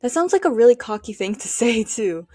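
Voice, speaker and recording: A woman's voice: on the high side, very animated, brisk, a little mellow, no room sound, clean studio sound. A teenage girl hosting a solo podcast, chatting casually and giving her opinions while she thinks aloud with lots of fillers. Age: teens. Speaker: podcast host.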